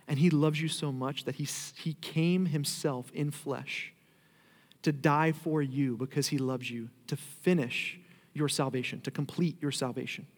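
A man delivers a sermon from the front of a church, his voice sitting a touch high for a man. He talks in a conversational way, then climbs into emphatic, drawn-out declarations. The sound carries a long hall reverb from the sanctuary around him. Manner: conversational preaching with emphatic rises. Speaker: pastor.

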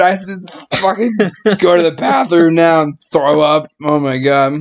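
A man's voice: on the high side, fairly even intonation, moderate pace, creaky. A man hosting a casual podcast who keeps breaking into laughing fits. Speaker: podcast host. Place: in-person podcast room.

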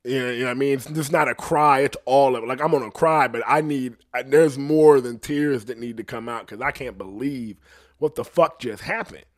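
A man hosting a podcast in a casual, profane rant, rambling and trailing off quietly, often laughing at himself. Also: medium pitch, brisk. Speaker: podcast host.

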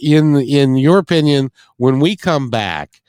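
A man's voice: medium pitch, animated, a little slow, darkish tone, smooth, dry recording. Hesitant man hosting, dry sound. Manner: hesitant, many restarts and fillers. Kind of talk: casual interview.

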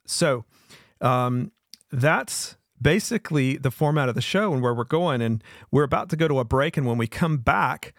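A man's voice: mid-range voice, lively intonation, normal speed, no echo, clean studio sound. A middle-aged man from the American South hosting his own show in an earnest, emphatic monologue that often repeats itself. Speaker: podcast host.

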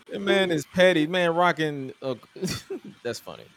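A man's voice: fairly high pitch, fairly bright tone. A man co-hosting a podcast, chatting casually and jokingly about wrestling with loose restarts. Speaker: podcast co-host.

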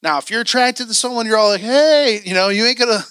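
A man's voice: high voice, racing, bright, forceful tone, smooth, dry recording, clean studio sound. A man teaching a church training class, candid and joking, acting out the voices he quotes.

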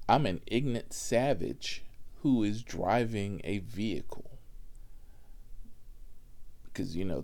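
A driver vents to his viewers about a difficult passenger, in a profane and exasperated rant. He talks slowly and stretches his words out, and his pitch swings widely up and down. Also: darkish tone. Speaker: driver telling a story. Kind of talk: storytelling rant.

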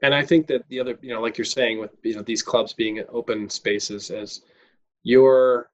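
A man's voice: mid-range voice, fairly even intonation, normal speed, lo-fi sound. A man from Wisconsin, a guest on a podcast, speaking earnestly with loose fillers. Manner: earnest, loose with "you know" and "like". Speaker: guest, recent MBA graduate. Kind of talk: conversational interview.

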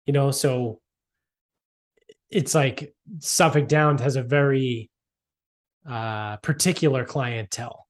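A man's voice: mid-range voice, slow pace, long pauses. Rambly guy from around boston, swears a lot, says like constantly. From Boston area. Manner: rambling, profane, fillers like "like". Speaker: podcast co-host. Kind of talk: casual chat.

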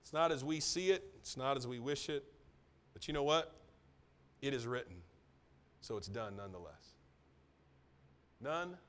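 Middle-aged pastor preaching with swelling emphasis. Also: male voice, medium pitch, animated, normal speed, pauses often. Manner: swings from soft, near-whispered asides to loud emphatic build-ups. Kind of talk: sermon.

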